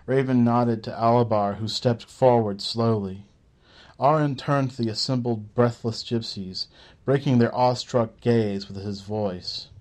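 Guy reading a fantasy audiobook, super slow and deliberate. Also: medium pitch, fairly even intonation, darkish tone. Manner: measured, deliberate storytelling. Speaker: narrator. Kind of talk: audiobook narration.

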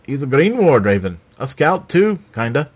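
A man's voice: medium pitch, very animated, normal speed, husky, voice pushed up. A man doing a folksy, friendly sergeant. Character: friendly easygoing male sergeant.

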